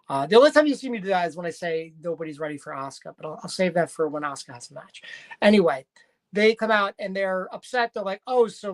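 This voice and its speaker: A woman casually recapping a wrestling show, chatty and rambling with frequent fillers and restarts. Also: lowish voice.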